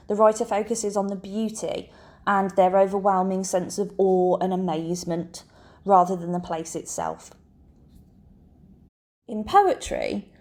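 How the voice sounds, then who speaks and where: Mellow-voiced woman teaching a lesson. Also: mid-range voice. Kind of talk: scripted lesson narration.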